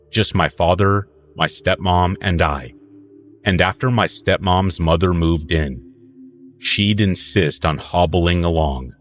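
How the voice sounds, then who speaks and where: Very deep voiced guy telling a creepy story slow and low-key, faint music under it. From northern New Mexico. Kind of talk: calm scripted horror narration.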